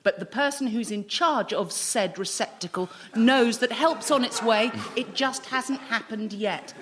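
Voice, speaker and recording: A woman's voice: fairly high pitch, unhurried. A woman on a radio comedy panel game, offering wry, jokey musings against the clock. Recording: live studio audience laughter and noise.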